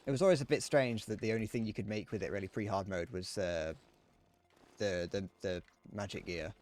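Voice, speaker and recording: A man's voice: on the low side, a little fast, a little mellow. A young man streaming a game, rambling casually with frequent restarts and chuckles. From Britain. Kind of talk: casual gameplay commentary.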